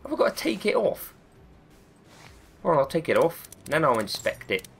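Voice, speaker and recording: A man's voice: fairly high pitch, big pitch swings, moderate pace, gravelly, slight background noise. A man with a cold, giving chatty, self-mocking let's-play commentary and swearing often. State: has a cold. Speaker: gaming video host.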